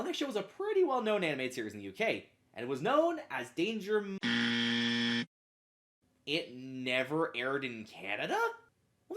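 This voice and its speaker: A man's voice: mid-range voice, a bit bright. A man narrating a scripted retrospective about children's television in a wry, playful way. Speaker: host of a retrospective show.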